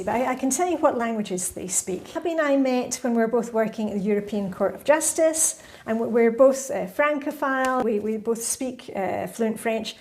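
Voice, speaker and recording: A woman's voice: on the high side, darkish tone. A middle-aged woman vlogger answering viewer questions in a casual, chatty way, often laughing between points. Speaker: lifestyle vlogger. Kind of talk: casual Q&A chat to camera.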